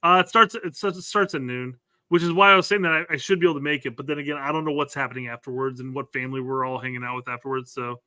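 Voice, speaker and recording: A man's voice: medium pitch, steady tone, fast, few pauses, bright, forceful tone, clear, resonant tone. A man co-hosting a casual live stream, bantering and laughing with the host.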